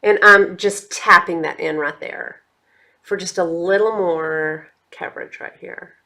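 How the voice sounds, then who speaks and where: A woman's voice: on the low side, steady tone, unhurried, bright, forceful tone. A woman chatting casually through a makeup tutorial, talking straight to her viewers. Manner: chatty, addresses viewers as y'all. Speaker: beauty vlogger.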